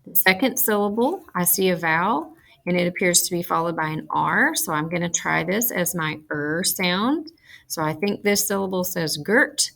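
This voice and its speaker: A woman teaching a phonics lesson, speaking slowly and carefully and enunciating each sound. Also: fairly low pitch, lively intonation, vocal fry, a bit bright. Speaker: reading teacher.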